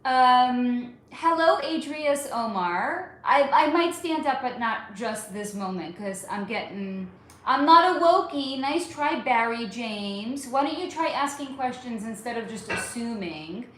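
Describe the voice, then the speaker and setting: A woman's voice: fairly high pitch, measured pace, hardly any pauses. Chatty woman livestreaming in an echoey room. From California. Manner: warm-toned, calls viewers honey and darling, chatty and animated. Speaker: livestream host greeting chat viewers. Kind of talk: casual livestream chat. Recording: very echoey room with faint ambient noise.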